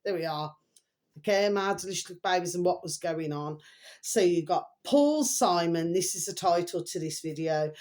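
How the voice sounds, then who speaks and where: A woman's voice: lowish voice, brisk. A middle-aged woman rambling in a casual, emotional monologue to her viewers, full of repeated pet phrases. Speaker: vlogger.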